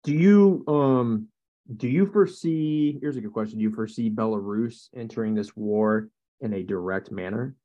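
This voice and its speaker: A man's voice: fairly low pitch, moderate pace, warm tone. A man hosting a casual discussion, easygoing and agreeable, asking his guest questions. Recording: dull lo-fi sound.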